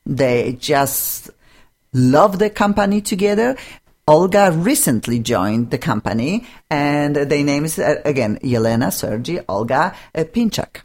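A woman's voice: low voice, animated, unhurried, a little mellow. A woman hosting a studio talk show, chatty and enthusiastic, with non-native phrasing. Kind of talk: casual studio chat.

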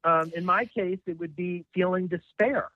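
A man speaking as a guest, reflective and fond of rhetorical questions. His voice sits fairly high for a man and comes through a tinny, phone-like line with a dry sound. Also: moderate pace, no echo. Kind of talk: conversational discussion.

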